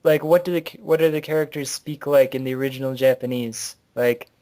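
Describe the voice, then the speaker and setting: A man's voice: mid-range voice, brisk. Laid back guy chatting, lots of like and i dunno, average voice. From near Buffalo, New York. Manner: relaxed, hedging, many likes and I don't knows. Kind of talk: casual chat.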